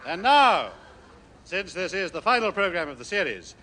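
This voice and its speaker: A self-important announcer. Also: male voice, high voice, very animated, normal speed, bright, forceful tone, full character voice. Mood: pompous. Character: pompous young male announcer.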